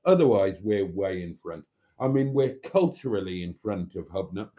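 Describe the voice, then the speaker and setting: Male stream host, mellow tone, wry and theatrical, rambling over a glass of wine. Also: low-pitched, normal speed. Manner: wry, theatrical, calls viewers darlings; relaxed and a bit rambling, sipping wine. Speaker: channel host. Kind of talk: live stream chat reading viewer comments.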